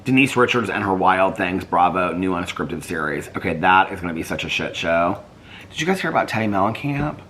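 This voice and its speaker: A man's voice: lively intonation, fairly quick, sharp tone, a little hiss or hum. A man vlogging in casual chat, reading viewer comments and thinking aloud as he looks things up. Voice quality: deep, soothing voice. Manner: chatty, rambling, thinks aloud while searching online.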